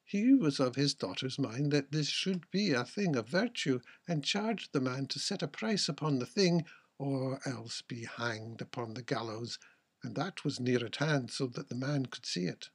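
A man narrating an old-fashioned folk tale in a measured storytelling manner. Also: mid-range voice, animated, husky. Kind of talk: storybook reading.

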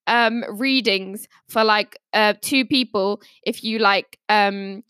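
A woman's voice: medium pitch, takes it slowly, a bit bright, smooth, dry recording, studio quality. A woman chatting casually on a podcast, telling stories in a rambling, giggly way.

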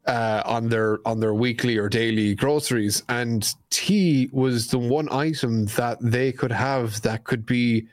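A man's voice: medium pitch, steady tone, unhurried, hardly any pauses, no room sound, clean studio sound. An Irish man from Ireland, a guest in a casual chat, telling stories in a rambling way and often correcting himself. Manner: rambling, self-correcting storyteller.

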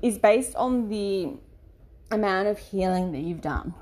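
A woman talking candidly about her life as a mother, expressive and laughing now and then. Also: mid-range voice, a little slow. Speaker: mother sharing parenting experience. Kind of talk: casual monologue, coaching tone.

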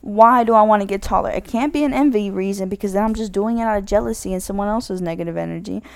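A woman's voice: medium pitch, fast talker, gravelly, no room sound. A woman giving casual spoken advice in a rambling way, correcting herself often and filling her talk with "like". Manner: rambling, self-correcting, many "like" fillers.

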